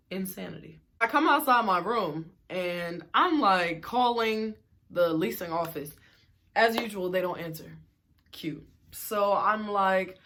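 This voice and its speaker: A woman's voice: medium pitch, animated, unhurried, a bit bright. Young woman venting, slangy and sarcastic, casual storytime energy. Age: young adult. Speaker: vlogger telling a story.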